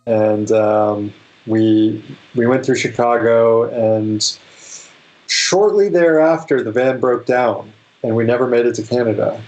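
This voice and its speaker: A man speaking as a guest on an interview show, relaxed and rambling, with lots of fillers. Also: medium pitch, slow pace, lo-fi sound. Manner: relaxed, rambling, many fillers, laughs easily. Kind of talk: casual interview chat.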